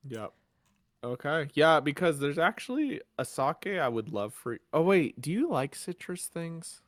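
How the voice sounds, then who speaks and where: A man co-hosting a casual podcast chat, talking in halting bursts with frequent restarts and easy laughter. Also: fairly high pitch, big pitch swings, a bit bright, no room sound, clean studio sound. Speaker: podcast co-host.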